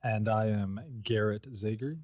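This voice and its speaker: A man's voice: on the low side, fairly even intonation, normal speed, darkish tone. A man co-hosting a casual show, chatting loosely and swearing, recorded on a somewhat dull mic. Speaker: co-host.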